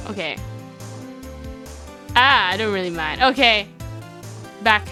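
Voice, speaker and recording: A young woman streaming a game live, chatting excitedly with her viewers and reading the characters' lines aloud. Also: medium pitch, slow pace, long pauses, faint music behind.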